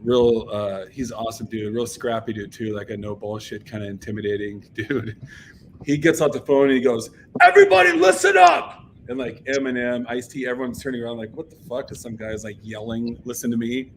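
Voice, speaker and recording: A man from the United States, a punk band member, telling a story in a casual interview, animated and full of fillers. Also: lowish voice, fairly quick, a little hiss or hum. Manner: animated, acts out quoted voices, filler-heavy.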